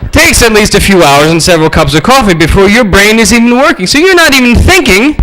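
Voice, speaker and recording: A man's voice: high voice, fast talker, low-quality recording. A man lecturing a workshop, telling humorous stories, acting out voices and swearing casually as he speaks to the audience. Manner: animated storytelling, acts out voices, casual swearing; addresses the audience directly. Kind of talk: humorous teaching anecdotes.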